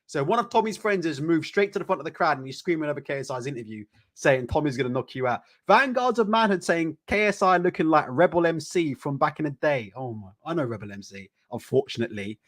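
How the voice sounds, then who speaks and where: Animated man on a live stream. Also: on the high side, fast talker, few pauses. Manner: animated, repetitive, swears freely, laughs loudly. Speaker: host of a live boxing chat stream. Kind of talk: casual live-stream chat. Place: home room.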